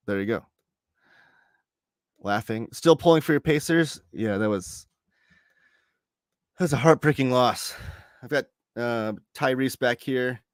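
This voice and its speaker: Guy in his 30s chatting on a livestream at home, mid pitch, easygoing, reads the chat out loud. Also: no echo, studio quality. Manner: relaxed, rambling, reads chat messages aloud. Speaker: host.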